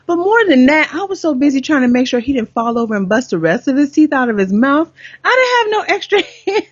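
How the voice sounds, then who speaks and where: Animated woman chatting, dull dry sound. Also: high voice, fairly quick, breathy edge, no echo. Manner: animated, laughing storyteller. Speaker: podcast co-host. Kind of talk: casual chat.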